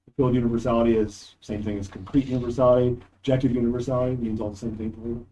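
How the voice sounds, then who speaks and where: Racing through his university philosophy lecture, the man has a mid-range, dark-toned voice with a level delivery, emphatic and discursive, reading quotations aloud. No microphone was used in the classroom, and the lo-fi audio was cleaned up after.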